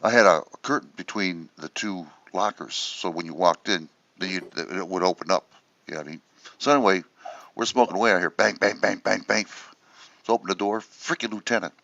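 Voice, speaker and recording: A man's voice: sits low, fairly quick, a bit bright, no echo. A man telling rambling, profane stories in a casual chat about his days in the service. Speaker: veteran storyteller. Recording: dull dry lo-fi sound.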